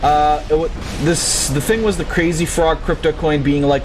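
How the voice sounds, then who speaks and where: A man's voice: fairly high pitch, steady tone, moderate pace, noisy background. A young man streaming a game, chatting casually in a rambling, profane, ranting way. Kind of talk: casual live-stream commentary.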